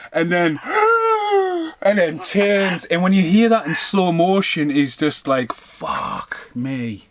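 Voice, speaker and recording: Man, podcast co-host, slightly high voice, animated, swearing, laughing storyteller. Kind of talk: casual reunion podcast chat.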